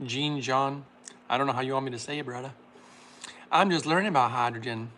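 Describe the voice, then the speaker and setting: A man hosting a casual livestream, reading chat comments aloud and laughing often while making a smoothie. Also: medium pitch, fast, a bit bright, a little hiss or hum.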